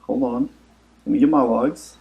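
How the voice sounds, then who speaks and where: A man's voice: medium pitch, fairly even intonation, normal speed, vocal fry, phone-quality sound. A man with a mid-range voice pushes back indignantly in a voice-chat argument, swearing as he defends his side. He sounds aggrieved and argumentative. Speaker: rival guild member in a dispute.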